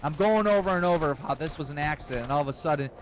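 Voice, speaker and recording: A young man telling a comic story in a profane, rambling, excitable way. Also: a little high, rapid-fire, slight background noise. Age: young adult.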